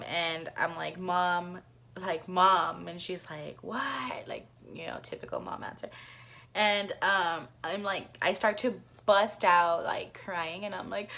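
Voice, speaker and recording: A woman's voice: on the low side, sharp tone. A young woman telling a casual storytime vlog, chatty, swearing freely and acting out the voices of the people in her story. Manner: chatty, swears a lot, acts out voices in quotes. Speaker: vlogger.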